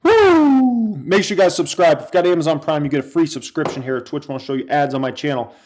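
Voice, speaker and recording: A man hosting a livestream, reacting with excited shouts, whoops and swearing. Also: a little high, fast talker. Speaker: livestream host reacting to stock news.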